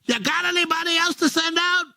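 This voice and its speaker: A man's voice: very high-pitched, a little fast, creaky, dry recording, pitched above the performer's own voice, exaggerated voice. A man voicing an exasperated male tow truck driver who rants at his dispatcher that he cannot handle the job. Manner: ranting, fed up, shouting at dispatch.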